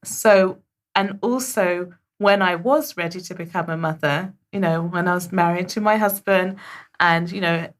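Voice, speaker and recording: A woman in her forties hosting a podcast, speaking softly and reflectively, with many "you know"s as she shares a personal story. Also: lowish voice, moderate pace. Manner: soft-spoken and reflective, with frequent fillers. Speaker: podcast host.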